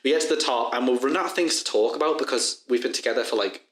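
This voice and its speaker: A young man in his twenties with a Liverpool accent, co-hosting a podcast and telling a story in an animated, laughing, swearing way. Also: medium pitch, fast, echoey room, low-quality recording. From Liverpool, England. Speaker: podcast co-host. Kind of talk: casual storytelling chat.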